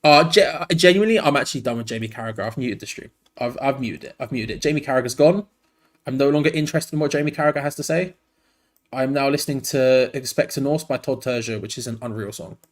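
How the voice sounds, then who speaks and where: A man's voice: medium pitch, fast talker. A tired man hosting a live fan watch-along, switching between match commentary and rambling, frank asides.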